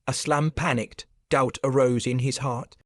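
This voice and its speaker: A man narrating a scripted supernatural story in a steady, even manner. His voice sits at a middle pitch. The recording is dry and close with no room sound. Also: unhurried, no room sound.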